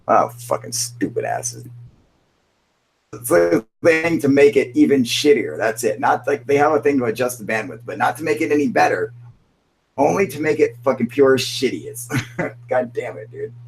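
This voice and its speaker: A man's voice: medium pitch, very animated, normal speed, gravelly, slightly rough, rough recording. A man hosting a casual live-stream chat, rambling and swearing, calling everyone "dude", sounding burnt out. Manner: profane, rambling, says "dude" constantly. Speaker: channel host.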